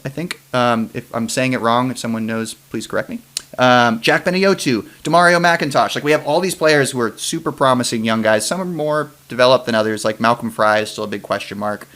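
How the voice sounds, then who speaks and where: A man's voice: mid-range voice, fairly bright tone. A man hosting a casual sports podcast, rambling with restarts and trailing off as he reads listener questions. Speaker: podcast host. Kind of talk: casual chat.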